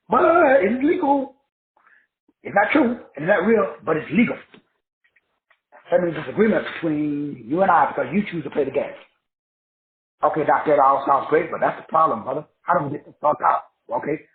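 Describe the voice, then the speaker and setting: Emphatic man teaching over a tinny echoey line. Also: fairly high pitch. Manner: spells words out letter by letter, asks and answers his own questions; emphatic, rhythmic repetition. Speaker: self-help teacher. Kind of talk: preachy teaching talk. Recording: tinny phone-like sound in an echoey room.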